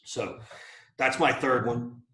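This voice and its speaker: A man's voice: medium pitch, slow pace, bright, forceful tone, roomy sound, poor audio. A man giving a live sales training, talking bluntly and casually with plenty of fillers. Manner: blunt and conversational, with many fillers. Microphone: video call.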